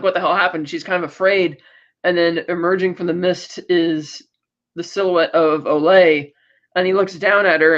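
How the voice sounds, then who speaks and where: A man with a high voice retells a TV episode for a podcast, briskly acting out each character's lines as he goes. The sound is dull and lo-fi. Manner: animated storytelling, acting out quoted lines. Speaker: podcast co-host. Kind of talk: casual recap of a TV episode.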